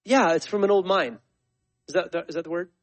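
A man's voice: sits high, fairly quick, rough recording. A man in his forties, a missionary speaking to his church in a conversational, storytelling sermon full of fillers and restarts. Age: 40s. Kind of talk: sermon testimony.

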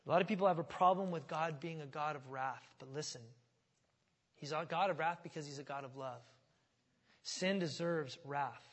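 A male pastor delivering a sermon, talking conversationally and then building to loud, emphatic stretches. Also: fairly high pitch, normal speed, big-room sound. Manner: conversational preaching that swells to loud, emphatic passages.

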